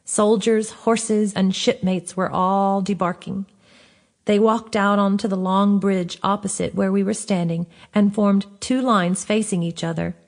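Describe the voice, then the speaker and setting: A woman reads aloud from her own fantasy novel in audiobook style. Her delivery is steady and clear with a gentle lilt, at a middling pitch. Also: unhurried. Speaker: author reading her own book. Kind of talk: audiobook narration.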